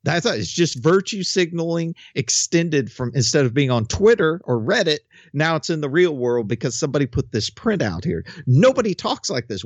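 A man's voice: fairly high pitch, no echo, muffled recording. An older man, the co-host, giving blunt, scornful opinionated commentary.

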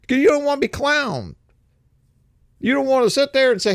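A man, from America, giving a casual commentary monologue, halting and restarting phrases as he goes. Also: high-pitched, sing-song, no echo, clean studio sound. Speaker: political commentator.

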